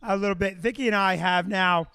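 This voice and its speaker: A man hosts a comedy show and rambles jokingly between acts. His voice sits very high for a man. The sound is dry and close. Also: steady tone, fairly quick, bright, forceful tone, smooth, no echo. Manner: chatty, loose and joking. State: hard of hearing. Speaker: comedian host.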